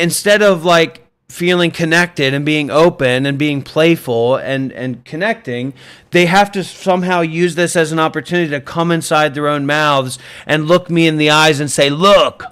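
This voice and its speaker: A man's voice: on the high side, fairly even intonation, moderate pace, fairly bright tone, smooth. A man hosting a livestream, ranting in an intense, profane and combative way. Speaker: livestream host, former monk. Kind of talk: livestream rant.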